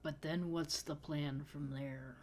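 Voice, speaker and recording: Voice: medium pitch, steady tone, takes it slowly. A player in a tabletop role-play who asks practical questions about the plan.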